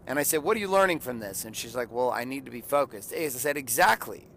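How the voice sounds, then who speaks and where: A man of about forty, talking bluntly and crudely like a preacher, tells a long parenting story. His voice sits at an ordinary middle pitch. A faint hiss of noise runs under the recording. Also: lively intonation, fast, fairly bright tone. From California. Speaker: father and podcaster. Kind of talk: blunt motivational monologue.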